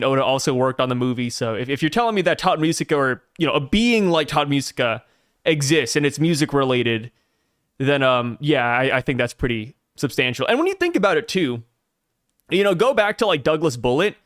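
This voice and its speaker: A man's voice: medium pitch, animated, a little fast, fairly bright tone, smooth, dry recording, studio quality. A man co-hosting a podcast, chatting casually and animatedly about manga, sometimes reading panel dialogue aloud. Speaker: podcast co-host.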